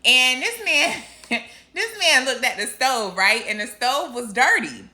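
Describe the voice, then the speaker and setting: A woman telling a story in a casual vlog. She is animated and laughs often as she goes. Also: sits high, measured pace. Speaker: Christian vlogger.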